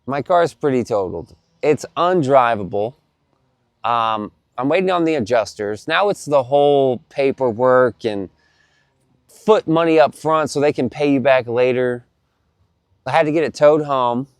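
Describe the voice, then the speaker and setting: A man's voice: medium pitch, a little slow, no room sound. Guy ranting about his day, lots of swearing, repeats stuff, dry sound. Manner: animated, profane, repeats himself. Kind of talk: casual storytelling to camera.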